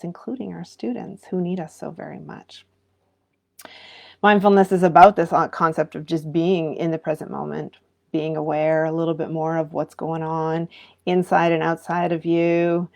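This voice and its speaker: Earnest gravelly-voiced woman teacher. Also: low-pitched, a little mellow. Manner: earnest and reflective, poses many rhetorical questions to viewers. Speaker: mindfulness teacher and facilitator. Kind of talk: live-streamed talk to educators.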